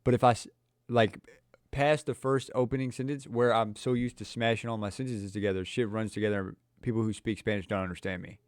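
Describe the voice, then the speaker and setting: A man's voice: lowish voice, fairly even intonation, fairly quick, clean tone, dry recording, clean studio sound. A young man with a Louisville, Kentucky accent, chatting casually on a podcast, running his sentences together and swearing freely. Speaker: podcast host.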